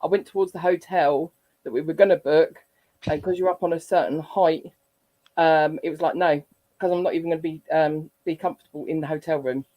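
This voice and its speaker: A woman's voice: low voice, fairly even intonation, a little fast, mellow, low-quality recording. A woman in her forties chatting and telling a personal story in earnest. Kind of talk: casual chat.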